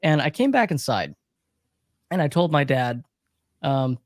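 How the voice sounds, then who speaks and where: A man's voice: a little high, big pitch swings, unhurried, no echo, studio quality. A young man co-hosting a livestream Q&A as a recovery coach, talking earnestly and reflectively with emphatic repetition. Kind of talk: casual livestream Q&A talk.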